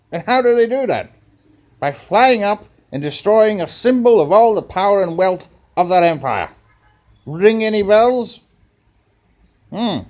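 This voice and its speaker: A man doing a mock-serious comic monologue that keeps rambling on. His pitch sits a little high and swings widely from line to line. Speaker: comedian.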